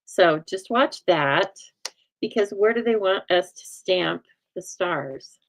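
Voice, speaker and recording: A woman's voice: on the low side, lively intonation, takes it slowly, gravelly, rough recording. A woman hosting a live card-making stream, talking in a chatty, folksy way and answering viewer comments as she works. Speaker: craft show host.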